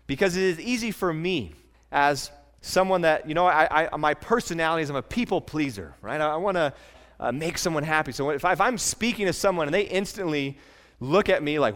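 A man's voice: fairly high pitch, fairly bright tone. Pastor guy giving a sermon, earnest, stumbles and restarts a lot, echoey church hall. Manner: earnest, conversational preaching with frequent restarts.

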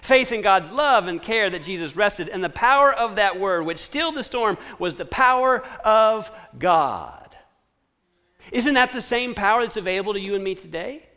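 A man preaching a sermon, posing rhetorical questions and dropping to a hushed tone to repeat a scripture refrain. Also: high-pitched, animated, moderate pace. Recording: echoey hall with long reverb.

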